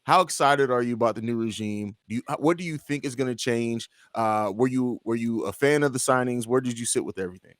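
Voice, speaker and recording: Male co-host, mid-pitched, relaxed and hesitant, casual sports talk. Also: fast talker, hardly any pauses, dry recording, studio quality. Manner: easygoing, many "uh" and "um" fillers, asks questions.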